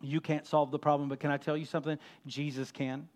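A middle-aged man preaching an impassioned sermon as a pastor, swelling to loud emphatic peaks and then dropping low and soft. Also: completely flat delivery, racing.

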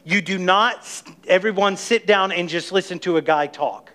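A middle-aged man preaching a sermon as pastor of his church, emphatic and energetic, calling on the congregation to respond. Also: high voice, moderate pace. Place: church sanctuary.

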